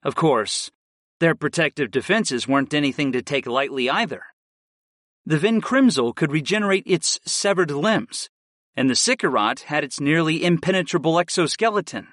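A man narrating a first-person fantasy audiobook with an expressive, varied delivery. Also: a little high, normal speed, no room sound, studio quality.

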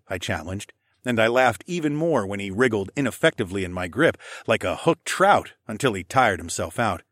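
Low-voiced man narrating an audiobook. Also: moderate pace, dry recording, studio quality. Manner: lively, playful character dialogue. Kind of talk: first-person audiobook narration.

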